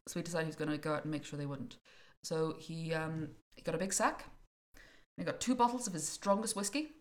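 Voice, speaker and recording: A woman telling a folktale in a lively, jokey way during a casual chat. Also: deep voice, brisk. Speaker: podcast co-host telling a folktale.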